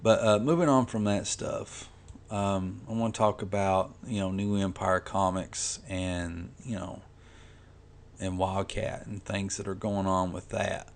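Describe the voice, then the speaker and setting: A man's voice: low voice, steady tone, a little slow, vocal fry. A man who makes comics, talking casually and rambling while he colors, with lots of "you know" and restarts. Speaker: comic artist vlogger.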